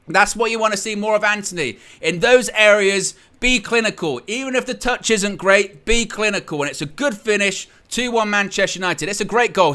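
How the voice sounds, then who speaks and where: Man, watchalong host, live match commentary, bright forceful voice, slightly high-pitched, excitable. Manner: excitable, surges loud at goals, then calm analysis; reads viewer chat messages aloud.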